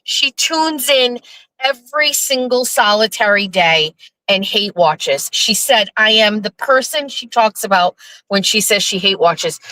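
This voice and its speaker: Bright, brash woman live streaming. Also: mid-range voice, a little slow, dry recording, low-quality recording. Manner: profane, rambling and animated. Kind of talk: casual live stream chat. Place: parked car in a driveway.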